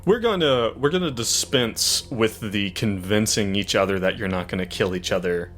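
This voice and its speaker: A man narrating a tabletop game as game master, describing scenes in an animated way. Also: fairly low pitch, normal speed, soft background music.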